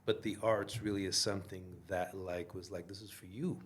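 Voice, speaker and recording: A man in his forties from Chicago, a podcast guest and theater maker, talking in a relaxed, reflective way with many "you know"s. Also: low voice, fairly quick, crowd noise. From Chicago, USA. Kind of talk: casual interview chat.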